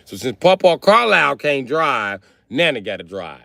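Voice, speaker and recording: A man telling a comic family story on a live stream, full of slang and profanity. His pitch rises and falls with a lively, swinging range. The sound is dry, with no room echo. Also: moderate pace, gravelly, hardly any pauses. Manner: animated, profane, heavy slang.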